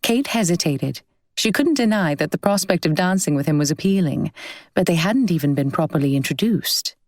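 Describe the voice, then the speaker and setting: A woman narrating a novel as an audiobook in an even, measured storytelling manner. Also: fairly low pitch, no echo.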